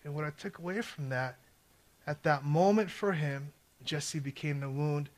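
Brief Male preacher, slightly higher voice, conversational sermon to a live crowd, quips, soft-to-loud swings. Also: moderate pace. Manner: conversational, joking asides to the crowd; swings between hushed and loud. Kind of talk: sermon with personal storytelling. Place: before a live audience.

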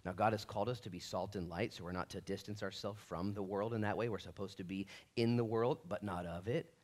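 Animated low-voiced male pastor preaching. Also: a little fast. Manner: animated preaching, acts out voices of people in the story. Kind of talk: sermon.

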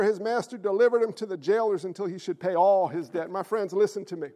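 Fiery high-voiced preacher in an echoing hall. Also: male voice. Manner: impassioned, blunt, folksy preaching. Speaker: pastor. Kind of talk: sermon. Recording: long hall reverb.

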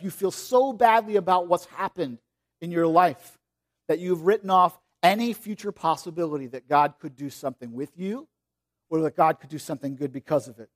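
Speaking at a moderate pace, this male pastor preaches in a conversational style. His sentences often start over, and his delivery moves from loud, emphatic phrases to quiet, low stretches.

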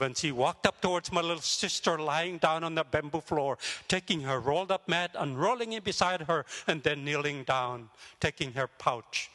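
Older man preaching in an echoey hall. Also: a little high. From grew up in a jungle village. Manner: vivid storyteller, swings between raised and hushed delivery. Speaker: guest speaker. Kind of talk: sermon with personal storytelling.

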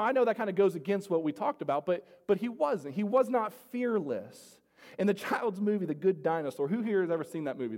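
A man's voice: high-pitched, darkish tone. A male pastor preaching an earnest sermon, often repeating phrases and speaking straight to the congregation in a church. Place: church sanctuary. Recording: long reverb of a large hall.

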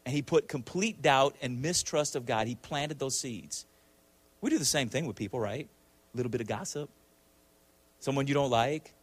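A man's voice: medium pitch, normal speed. A male preacher delivering a sermon emphatically, with frequent rhetorical questions and repeated words.

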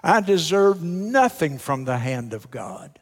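This older American preacher has a fairly high-pitched voice and speaks slowly but very animatedly. His Baptist sermon is folksy and emphatic, full of rhetorical questions for the congregation, recorded with long hall reverb.

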